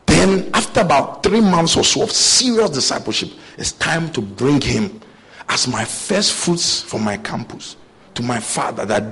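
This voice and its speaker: A man's voice: fairly high pitch, normal speed, breathy edge. A young man preaching a sermon, telling personal stories and acting out the voices in his dialogues. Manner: animated storytelling, acting out both sides of dialogues.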